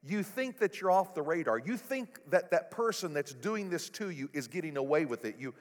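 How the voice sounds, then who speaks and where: Animated preacher in a ringing church. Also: male voice, fairly high pitch, normal speed. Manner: animated, rising to loud exclamations. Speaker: pastor. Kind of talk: sermon. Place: church sanctuary. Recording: echoey hall.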